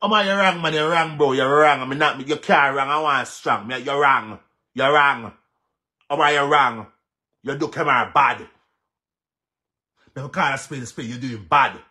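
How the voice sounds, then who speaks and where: Heated Jamaican man with a bright voice. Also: medium pitch, moderate pace, long pauses. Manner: emphatic, repeats words, switches between patois and English. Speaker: social media commentator. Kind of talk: heated commentary vlog.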